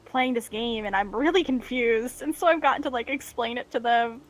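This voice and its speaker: A young woman chatting casually with friends before an online tabletop game, telling lively stories and laughing easily. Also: fairly high pitch, moderate pace, dry recording, low-quality recording. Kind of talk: casual chat.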